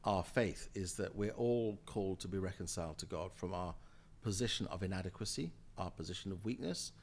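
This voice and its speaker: His voice is low and fairly quick, with slight background noise behind it. This older Jamaican and British man, a House of Lords member, is a guest in a podcast interview, telling stories emphatically and with frequent laughter.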